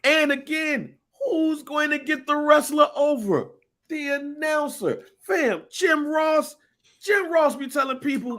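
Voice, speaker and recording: A man co-hosting a casual podcast, talking in an animated, emphatic and profane way. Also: very high-pitched, takes it slowly. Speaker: podcast co-host.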